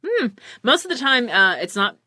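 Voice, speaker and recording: A woman hosting a casual podcast chat, speaking with a slight lisp and animated, lively delivery. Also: fairly high pitch, normal speed, no echo, clean studio sound. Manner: lively, animated, full of acted-out quotes. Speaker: podcast host.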